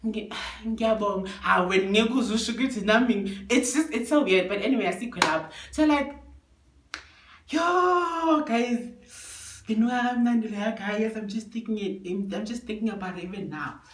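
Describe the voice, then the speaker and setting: A woman's voice: fairly high pitch, expressive, moderate pace. A young woman from South Africa with a Zulu accent, telling a storytime tale in a chatty style and switching between languages. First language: isiZulu. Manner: chatty, code-switching, addresses viewers as guys. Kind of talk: casual storytime. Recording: roomy echo.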